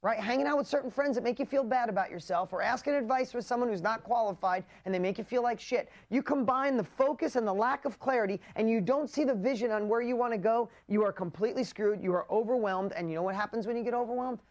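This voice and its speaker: A man coaching a live online group in an emphatic, punchy way, swearing casually and swinging between loud urging and quiet intensity. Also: extremely high pitch, fast talker, hardly any pauses, muffled recording. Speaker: business coach. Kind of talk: motivational coaching livestream.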